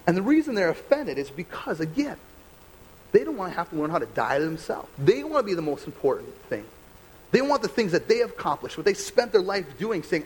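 A young adult American man, a pastor giving a conversational, animated sermon full of rhetorical questions. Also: high-pitched, fairly quick, husky, poor audio. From United States.

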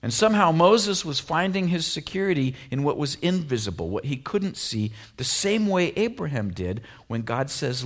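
A man preaching a casual, conversational sermon, full of fillers and lively asides. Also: medium pitch, normal speed, hardly any pauses. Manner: conversational, animated, many fillers like "you know" and "like". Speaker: pastor.

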